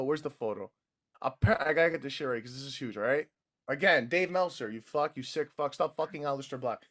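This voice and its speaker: High gravelly young man, joking. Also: fairly bright tone. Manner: joking, swears freely, talks over others. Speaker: podcast co-host. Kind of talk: casual wrestling podcast chat.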